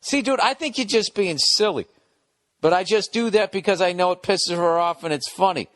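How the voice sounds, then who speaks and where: Male podcast host, slightly high voice, dry close sound, reads letters and riffs bluntly with swearing. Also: moderate pace, a bit bright, no room sound. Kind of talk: casual comedic monologue.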